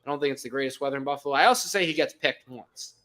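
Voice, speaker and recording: A man co-hosting a casual sports podcast, loud and jokey, swearing freely as he gives his picks. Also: mid-range voice, rapid-fire. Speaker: podcast co-host.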